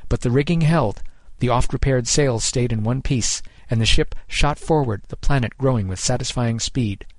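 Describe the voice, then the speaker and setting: Guy reading an audiobook story, mid pitch, super dry close mic, calm and steady. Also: no echo. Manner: measured, even storytelling. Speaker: narrator. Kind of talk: scripted audiobook narration.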